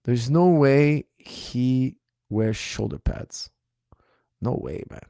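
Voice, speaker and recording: A man coaching martial arts who answers viewer questions in a casual livestream, speaking in an animated, incredulous and mocking way, his voice slightly strained. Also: mid-range voice, slow pace, dry recording, clean studio sound.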